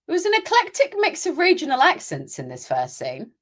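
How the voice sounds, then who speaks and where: A woman's voice: high voice, huge pitch swings, a little fast, hardly any pauses, faint music behind. A young British woman co-hosting a podcast, chatting in an opinionated way and acting out little asides. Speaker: podcast co-host. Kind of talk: casual chat.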